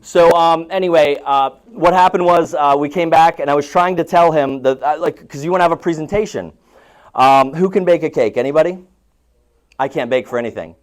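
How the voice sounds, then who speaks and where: A man's voice: a little high, brisk. A man coaching real estate agents at a live seminar, telling stories in a chatty way and asking the audience questions. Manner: chatty storytelling, asks the room questions.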